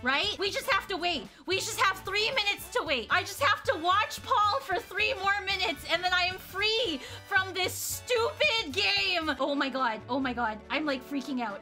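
A young woman live-streaming a game in a very high voice, excitable and thinking out loud. She keeps counting things off under her breath. Music plays clearly behind her. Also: a little slow, hardly any pauses.

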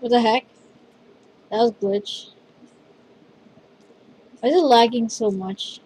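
A woman hosting a gameplay video with a fairly high voice. She talks in an excitable, rambling way, leaning on "dude" as she reacts. Her delivery is loose, casual commentary. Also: slow pace, slight background noise, rough recording.

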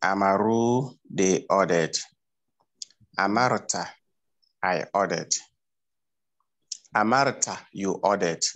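Deep-voiced man reciting slowly. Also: a bit bright. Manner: slow, measured recitation. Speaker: student. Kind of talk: reciting a verb drill.

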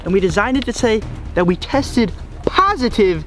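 A young man co-hosting a prank vlog, excitedly explaining the plan. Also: high-pitched, moderate pace, soft background music. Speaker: YouTube prank host. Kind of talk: casual chat.

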